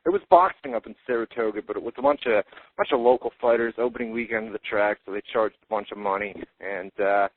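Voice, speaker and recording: A man's voice: on the low side, quick pace, dry recording. A man hosting a radio fight-talk show, recapping events in casual chat with frequent "uh" fillers. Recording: tinny phone-like dry audio.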